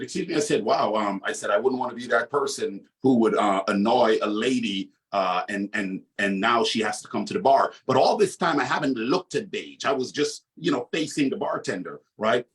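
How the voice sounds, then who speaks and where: A man's voice: mid-range voice, fairly bright tone, distant mic, low-quality recording. A man from the West Indies being interviewed, telling a long personal story in a rambling way, with many fillers and restarts.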